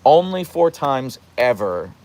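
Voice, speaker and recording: A man hosting a casual live stream outdoors in light rain, chatting with viewers in an animated way. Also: mid-range voice, slow pace. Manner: chatty and animated, acting out his dogs in funny voices. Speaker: host answering live chat.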